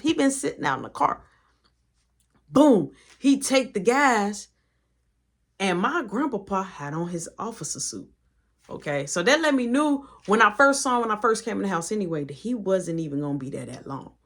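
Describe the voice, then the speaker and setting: A young adult woman telling a personal story in a casual storytime vlog, swinging between dramatic loud moments and hushed asides. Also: on the high side.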